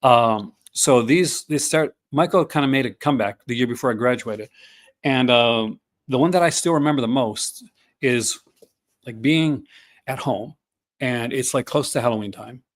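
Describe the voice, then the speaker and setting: A man's voice: mid-range voice, moderate pace. A man in his fifties hosting a casual chat, rambling with many fillers and restarts. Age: 50s. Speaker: podcast host.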